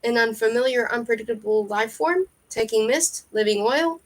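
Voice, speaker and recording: A woman reading aloud, voicing a bold young male hound-like warrior who shouts and sings at the top of his voice. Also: a little high, normal speed, natural voice, low-quality recording. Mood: earnest. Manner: shouts names and sings at full volume.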